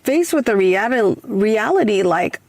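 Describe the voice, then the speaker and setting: A woman's voice: medium pitch, animated, a little slow, a little mellow, no room sound. A woman in her thirties telling a personal story in a casual, hesitant way, with many fillers, and she acts out the quoted lines. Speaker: guest storyteller.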